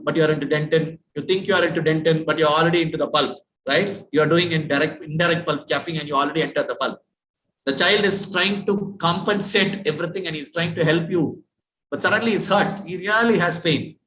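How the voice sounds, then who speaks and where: A man's voice: fairly high pitch, fairly bright tone, slight background noise. Indian male dental lecturer, echoey room. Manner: questioning, repeats points, asks students. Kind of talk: classroom lecture.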